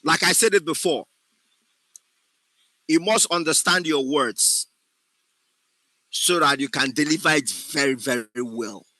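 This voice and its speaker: A man lectures an acting class in an emphatic voice and keeps checking whether his students follow. His tone is bright and forceful, pitched a little high, and it sounds close and dry. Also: unhurried, pauses often, no echo, rough recording. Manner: emphatic, often checks understanding. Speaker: acting instructor.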